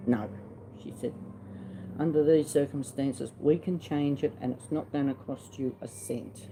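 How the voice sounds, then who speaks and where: A man's voice: medium pitch, fairly even intonation, a little slow, dark tone, slight background noise, low-quality recording. A middle-aged man with an Australian accent tells a personal story in a casual, blunt, salty way, acting out past conversations. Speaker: vlogger.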